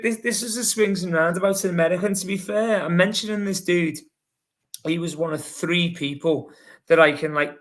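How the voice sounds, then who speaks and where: A man with a Scouse accent, a podcast guest telling a rambling, lively story full of fillers. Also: fairly high pitch. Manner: lively, rambling, heavy with fillers like "you know". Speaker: podcast guest, long-distance runner. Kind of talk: casual anecdotal storytelling.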